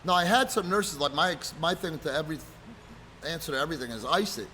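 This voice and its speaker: A man casually telling rough road stories from his wrestling days, swearing freely and loudly acting out what people said. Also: a little high, fast, slight background noise. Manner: profane, animated, acts out quotes loudly. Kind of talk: casual storytelling chat.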